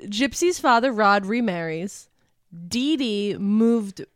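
A woman co-host tells a true-crime story to her partner in loose, casual chat, full of fillers and quick laughs. Her voice sits at a middling pitch. The recording is close and dry, with no room sound. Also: lively intonation, clean tone, no echo. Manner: chatty, lots of fillers and laughter. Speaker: podcast co-host.

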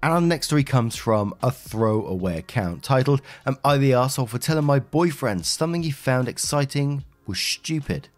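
A man's voice: mid-range voice, lively intonation, normal speed, few pauses, faint music behind. A man reading an online post aloud and then chatting about it in a casual, conversational way. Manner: chatty, conversational, with fillers and asides. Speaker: host reading and commenting on online posts.

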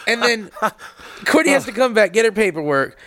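A man telling stories in a casual chat, animated and quick to act out other people's voices. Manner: animated, jumps into high voice when acting out others.

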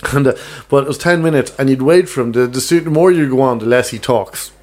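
A man's voice: mid-range voice, brisk, a little mellow. Irish man telling pub stories. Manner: rambling storyteller, laughs often. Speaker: podcast co-host. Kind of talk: casual pub chat.

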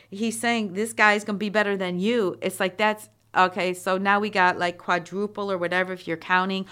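A woman giving a chatty, animated Bible teaching, reading verses and adding asides. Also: lowish voice, smooth.

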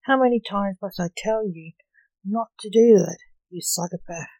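A grumpy middle-aged coroner who moans through every complaint, exasperated with everyone around him, as a reader puts him on. He speaks slowly, in a dry, close voice that stays at an ordinary middle pitch. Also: a little mellow, no room sound, close to an everyday voice, rough recording. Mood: moaning.

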